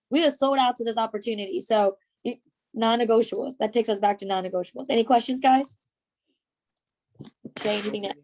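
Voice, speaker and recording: A woman's voice: a little high, a little fast, pauses often. A woman training her sales team, telling stories and acting out the dialogue. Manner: animated storytelling, acts out quoted dialogue. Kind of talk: motivational team training talk.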